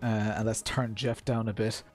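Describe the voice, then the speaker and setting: A man's voice: lowish voice, flat delivery, moderate pace, faint music behind. An Irish man chatting casually to viewers by name while live-streaming a racing game from a room at home. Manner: chatty, greets viewers by name, many fillers.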